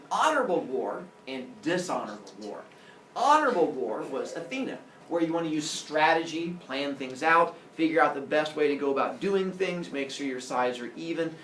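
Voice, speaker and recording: A male teacher telling myths to his class in a jokey, animated way, acting out the characters. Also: a little high, slight background noise. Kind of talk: storytelling lesson. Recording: roomy classroom audio from far off.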